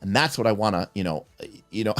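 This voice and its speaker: A man hosting a livestream, talking about tabletop role-playing games as a game master and acting out players' lines in quick asides. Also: lowish voice, a bit bright, dry recording, soft background music. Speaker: game master and podcast host.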